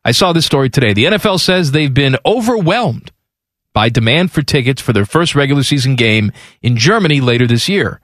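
A man's voice: mid-range voice, animated, a little fast, a bit bright, no room sound, clean studio sound. A man co-hosting casual sports talk with a wry manner who reads news items aloud. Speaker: sports radio co-host.

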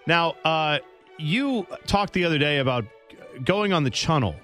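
A man's voice: on the high side, expressive, unhurried, pushed and bright, faint music behind. A man hosting a sports radio show in casual talk, dry and playful, stretching out his questions and explaining games at length. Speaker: radio host.

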